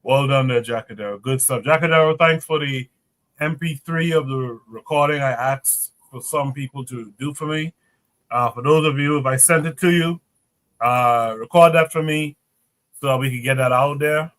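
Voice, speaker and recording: A man hosts a casual livestream talk show with a bright, forceful voice. He keeps things relaxed and loose, leaning on filler words as he hands the mic to each guest. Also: medium pitch, normal speed. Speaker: host.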